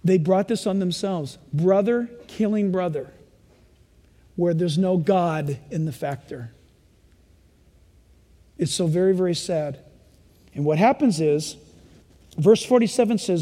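High-voiced man preaching in a hall. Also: measured pace, long pauses. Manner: animated preaching, acts out kids and parents. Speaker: pastor. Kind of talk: sermon.

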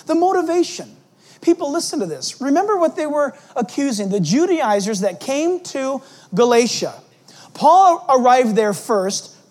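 A man's voice: very high-pitched, darkish tone. A male pastor preaching an expository sermon, emphatic and full of rhetorical questions.

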